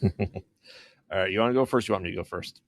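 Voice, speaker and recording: A man's voice: deep voice, moderate pace, gravelly, no echo. A man co-hosting a podcast, chatting casually about movies, laughing often and chiming in with short agreeing replies. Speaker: podcast co-host. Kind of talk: casual film review chat.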